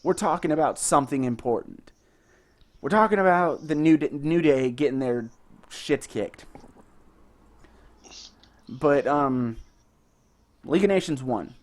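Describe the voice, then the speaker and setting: A young man co-hosting a podcast, telling stories in a casual, excited and profane way. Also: a little high, a little slow, pauses often. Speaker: podcast co-host. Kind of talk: casual chat.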